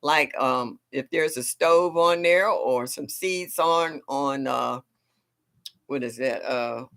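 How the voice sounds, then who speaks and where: A middle-aged woman hosting a gardening livestream talks straight to her viewers in a loose, chatty way. She is animated and laughs easily. Her voice comes across bright and forceful. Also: sits low. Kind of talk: casual livestream chat.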